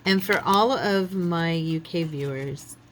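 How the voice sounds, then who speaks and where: Low-voiced chatty woman crafting. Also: slow, a little hiss or hum. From United States. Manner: chatty, rambling, laughs often, thinks aloud. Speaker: craft channel host. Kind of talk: casual crafting chat.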